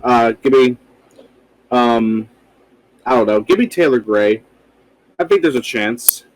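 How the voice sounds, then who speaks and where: A man with a medium-pitched, lively voice speaks slowly as co-host of a casual podcast, captured in a low-quality recording. He talks loosely, swearing often and rambling into asides full of fillers.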